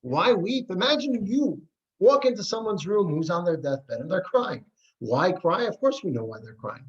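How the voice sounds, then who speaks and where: A man's voice: high voice, moderate pace. Earnest man lecturing on old texts. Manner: earnest, animated, reads and paraphrases text aloud. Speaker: rabbi teaching a class. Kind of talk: classroom lecture on Jewish texts. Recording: dull lo-fi recording.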